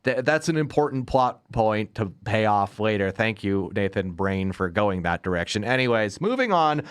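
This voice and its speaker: This man hosts a podcast of casual movie chat, ranting with sarcasm and laughing a lot in an animated delivery. He has a lowish, clear, resonant voice and speaks at a moderate pace.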